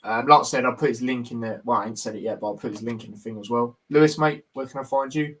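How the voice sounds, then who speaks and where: A man's voice: mid-range voice, fast talker, fairly bright tone, a little hiss or hum, poor audio. A young man hosting a football talk stream, laid-back and casual, leaning on fillers as he wraps things up. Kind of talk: casual chat. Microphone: phone on mobile data.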